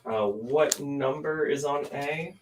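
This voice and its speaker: Laid-back co-host heard from afar. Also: male voice, a little high, takes it slowly. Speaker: co-host tracking claims. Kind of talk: casual chat. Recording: distant mic, faint noise.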